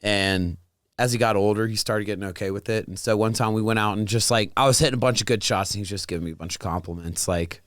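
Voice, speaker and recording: A man's voice: fairly low pitch, fast, a bit bright, no room sound, studio quality. A young man with a Southern American accent, a comedian co-hosting a podcast, joking around and laughing, cursing freely. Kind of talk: casual chat.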